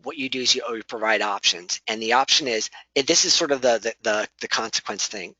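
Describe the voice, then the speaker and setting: A man's voice: medium pitch, a little fast, sharp tone, no room sound, low-quality recording. A man giving a conversational workplace training talk, often restarting sentences and acting out sample lines.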